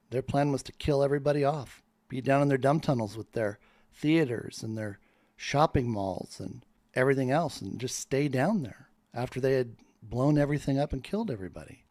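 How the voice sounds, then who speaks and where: A man's voice: mid-range voice, a little mellow, no echo. A man in a fervent, preacher-like monologue that rambles from point to point. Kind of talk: spoken monologue.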